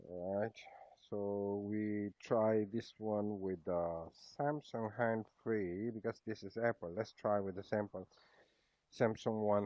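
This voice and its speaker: A man casually demonstrating a gadget, talking haltingly, repeating words as he tries things out live. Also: fairly low pitch, no echo. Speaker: product reviewer. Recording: dull lo-fi sound.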